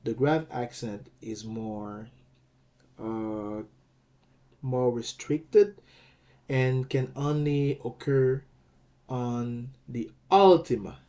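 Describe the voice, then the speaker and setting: Male teacher, mid pitch, unhurried and patient, spells out each syllable and checks understanding often. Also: mellow. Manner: patient, repeats and checks with "okay?"; sounds out words syllable by syllable. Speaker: language teacher. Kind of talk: slow explanatory lecture.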